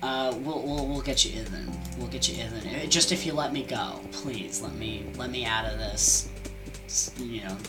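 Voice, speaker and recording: A woman voicing a scheming male trickster god who talks fast and wheedles in casual slang. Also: a bass voice, over music, voice pushed down. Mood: pleading.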